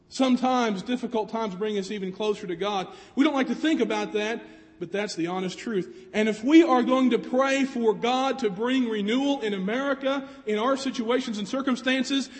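A man with a very high voice preaches a sermon in an earnest way, often pausing on rhetorical questions. His voice carries a long reverb, like a large hall.

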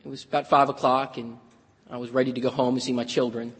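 A man's voice: medium pitch, level tone, quick pace, a bit bright, breathy edge, long reverb tail. A man preaching a sermon, moving from folksy humor into earnest, dramatic storytelling.

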